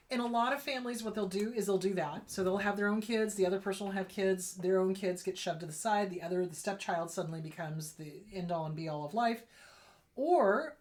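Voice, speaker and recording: Female therapist-host, unscripted solo talk, blunt and emphatic with heavy repetition. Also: mid-range voice. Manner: blunt, emphatic, repeats points for stress. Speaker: therapist hosting a psychology channel.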